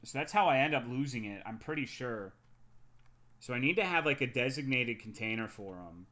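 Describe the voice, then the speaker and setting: Young guy streamer rambling about his day, bright voice, swears a lot, gets loud when hyped. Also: mid-range voice, brisk. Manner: chatty storytelling, frequent swearing, animated when excited. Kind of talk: casual chat.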